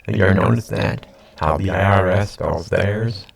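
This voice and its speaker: A man's voice: sits low, normal speed, gravelly. An older man with stuffy sinuses, rambling casually and repeating himself while talking to his computer camera at home. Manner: meandering, repeats himself, self-deprecating asides. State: sniffly, congested sinuses. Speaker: vlogger. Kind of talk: rambling late-night chat to camera. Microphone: computer webcam mic.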